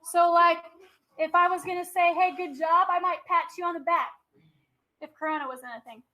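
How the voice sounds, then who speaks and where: A young woman gives a classroom lecture in a very high voice. She talks in a chatty way and keeps checking that her students follow. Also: fairly even intonation, moderate pace, bright, forceful tone, rough recording. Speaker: teacher.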